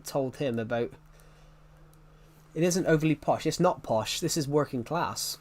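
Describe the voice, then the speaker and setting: A man's voice: mid-range voice, a little mellow. A young man with an English working-class accent from a former mining area, chatting casually on a livestream, rambling, restarting sentences and answering chat. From England.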